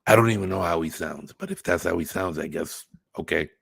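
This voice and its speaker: A man's voice: low-pitched, brisk, creaky, breathy edge, no room sound. A man hosting a casual livestream, chatting with viewers in a rambling way, swearing now and then and thinking aloud. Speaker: channel host reading live chat.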